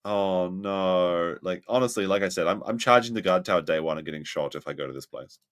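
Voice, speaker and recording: A man hosting a livestream, reacting to clips with excitable commentary that keeps breaking into laughter and sudden shrieks. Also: sits low, brisk, a little hiss or hum. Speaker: livestream host.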